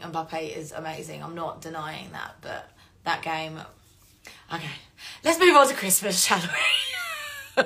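A voice actress with an English accent hosts a casual live-stream Q&A for fans, her lowish voice creaky yet fairly bright. She rambles, swears freely, gets emotional, and laughs a lot.

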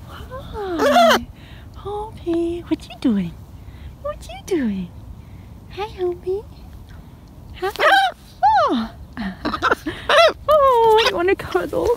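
A woman's voice: very high-pitched, wildly swooping pitch, very slow, pauses often, noisy background. A woman vlogger talking to her pet bird in playful baby talk and to her viewers in a casual way.

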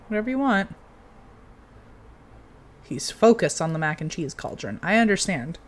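A young woman giving casual commentary while playing a game, chatty and given to sudden excited outbursts. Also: lowish voice. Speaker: game streamer.

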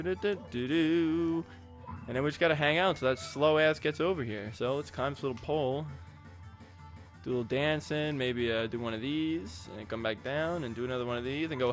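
Jokey man narrating his gameplay. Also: mid-range voice. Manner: jokey, rambling, crude asides. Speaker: let's play host. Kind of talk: casual gameplay commentary.

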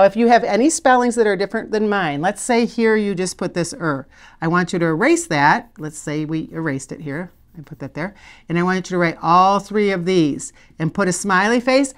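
Middle-aged woman, lowish voice, patient spelling teacher who sounds out each letter and encourages the learner. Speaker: literacy teacher. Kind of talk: video spelling lesson.

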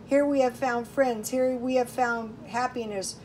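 A woman's voice: fairly high pitch, steady tone, unhurried, a little mellow, slight background noise, lightly acted, rough recording. A woman doing a troubled warrior chieftain. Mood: pleading. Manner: pleading and questioning. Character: troubled male warrior chieftain, desperate and angry.

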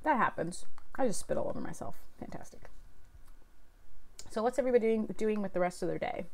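A woman's voice: mid-range voice, animated, a little fast, creaky. A young woman from Canada hosting a casual livestream chat, rambling with fillers and reading viewer comments. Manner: chatty, rambling with fillers and laughs. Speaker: livestream host.

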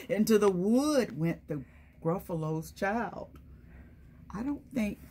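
A woman's voice: on the low side, darkish tone, breathy edge. A woman reading a picture book aloud to young children, stopping often to ask them questions and call on them by name. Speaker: children's storytime presenter.

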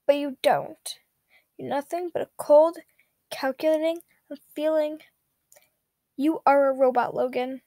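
A woman's voice: high-pitched, steady tone, a little slow, pauses often, dark tone, no room sound, studio quality. A woman reading as a bitter, accusing young man. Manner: accusing, spitting words.

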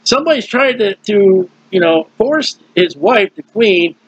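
A man with a fairly high, husky voice walks through a Bible passage in an informal teaching style. He talks conversationally, reaching for everyday comparisons and often restarting his sentences. The audio is dull and lo-fi, with a dry, close sound. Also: animated, measured pace, no echo.

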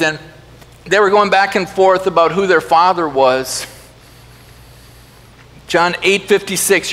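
A man preaching a lively sermon with a high, forceful voice. He mixes jokes with sudden loud emphasis. His voice rings out with a long reverb, recorded in a church. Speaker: pastor. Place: church sanctuary.

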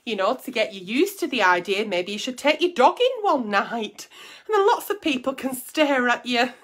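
A woman's voice: fairly high pitch, a bit bright. A woman hosting an advice show, blunt and teasing, swearing freely in casual comic chat.

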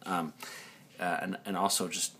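A man's voice: sits low, flat delivery, moderate pace, bright, forceful tone, a little hiss or hum. A man talking to his camera about a Bible passage in a loose, rambling way, with lots of ums and restarts. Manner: rambling, many fillers and restarts. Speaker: video blogger discussing a Bible passage. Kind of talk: casual talk to camera. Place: indoors, dim room. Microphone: camera mic, looking at camera.

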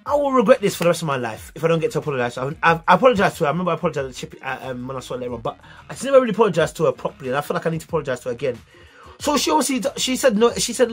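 A man's voice: a little high, rapid-fire, husky, faint music behind. Slangy British young man telling a story. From United Kingdom. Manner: animated, acts out dialogue, heavy slang. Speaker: vlogger. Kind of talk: casual storytelling to camera.

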